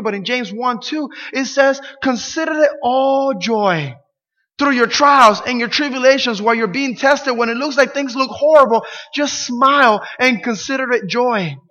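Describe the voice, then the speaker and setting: High bright-voiced preacher in a hall. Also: male voice, moderate pace. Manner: animated preaching, acts out quotes, grows louder and emphatic. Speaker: pastor. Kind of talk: sermon. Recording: dull sound in a reverberant hall.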